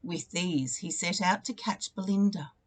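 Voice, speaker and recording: A teacher reading a children's picture book aloud, telling the story expressively and leaning into its repeated refrains. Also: female voice, fairly low pitch, unhurried, breathy edge.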